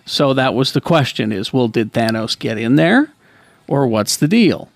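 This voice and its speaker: A man's voice: medium pitch, lively intonation, moderate pace, vocal fry, no room sound. A man hosting a casual podcast chat, reading out news with frequent fillers and restarts. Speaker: podcast host.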